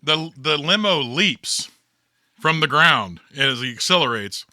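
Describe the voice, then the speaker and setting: A man leads a tabletop game as the storyteller, narrating the scene in a loose, chatty way. His voice is very bright and a little high, and it sits close and dry with no room sound. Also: expressive, a little slow, no room sound.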